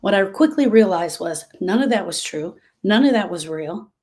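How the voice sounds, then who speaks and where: A woman in her sixties, a grief coach, teaching a group in a lively, conversational storytelling way. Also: mid-range voice, moderate pace.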